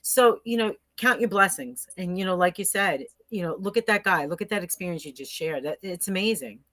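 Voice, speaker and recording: A middle-aged woman speaking as a podcast guest, earnest and reflective, laughing easily. Her voice is bright and forward. The sound is dry and close, with no room echo. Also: fairly low pitch, animated, fairly quick. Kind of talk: conversational interview.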